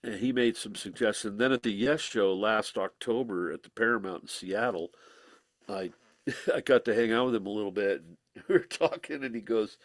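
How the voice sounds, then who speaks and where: A man telling stories as a guest in an interview, animated and laughing, slipping into voices when he quotes people. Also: on the low side, normal speed, no room sound, studio quality. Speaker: musician guest. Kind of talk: casual storytelling interview.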